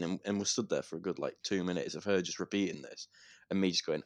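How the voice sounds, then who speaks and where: A young man, co-hosting a podcast and telling an animated story with swearing and laughter. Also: sits low, fast, no room sound. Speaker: podcast co-host. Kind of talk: casual podcast chat.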